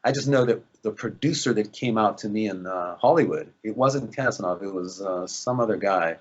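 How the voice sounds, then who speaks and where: A man's voice: fairly low pitch, moderate pace, breathy edge, lo-fi sound. A man, an actor, chatting in an interview, rambling with lots of fillers and restarts. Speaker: actor guest. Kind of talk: casual interview chat.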